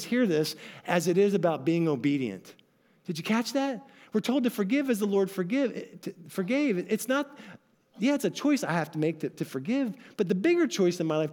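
A man's voice: sits high, a little mellow. A male pastor giving a sermon, telling stories animatedly and acting out voices with emphatic asides to his congregation.

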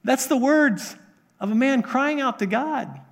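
Male pastor, high voice, earnest sermon delivery, stumbles and restarts, drops to a hush then builds to emphasis. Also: a little slow, vocal fry. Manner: earnest, repetitive preaching with many restarts; swings between hushed lows and emphatic highs.

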